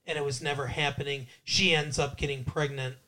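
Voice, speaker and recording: A man co-hosting a casual movie-review podcast, playful and rambling, slipping into quick silly voices. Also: medium pitch, fairly even intonation, pushed and bright. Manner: playful, rambling, breaks into bits of funny voices. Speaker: podcast co-host.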